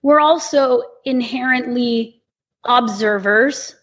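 A woman's voice: a little high, takes it slowly, a bit bright, husky. A woman who teaches movement, guesting on a podcast and explaining her ideas thoughtfully. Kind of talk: casual conversation.

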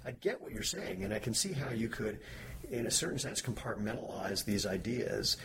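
A man hosting a podcast interview, asking questions in a casual, playful way and tossing in quick jokes. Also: on the low side, sing-song, vocal fry, background noise. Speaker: podcast host.

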